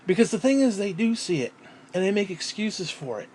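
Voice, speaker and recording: A man ranting casually at home, profane and rambling, often clearing his throat and short of breath. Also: high-pitched, sing-song, a little fast, a little mellow, a little hiss or hum. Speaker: vlogger.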